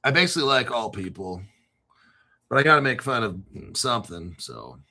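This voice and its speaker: A man hosting a crypto show, talking in an excited, rambling monologue with frequent swearing, stopping to spell out names letter by letter. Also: medium pitch, normal speed.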